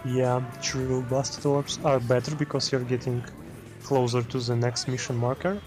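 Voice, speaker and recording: A man's voice: medium pitch, level tone, normal speed, music in the background. A man with a German accent giving casual, chatty commentary on a video game race, explaining strategy with self-deprecating jokes. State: tired.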